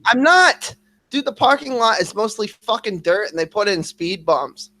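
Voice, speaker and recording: A man co-hosting a casual podcast livestream, venting and ranting with constant cursing at a quick, animated clip. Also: high voice. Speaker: podcast co-host.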